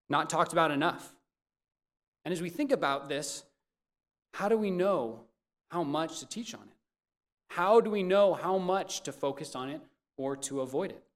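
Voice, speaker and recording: A man preaching a sermon as pastor, earnest and measured, putting questions to the congregation. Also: on the high side.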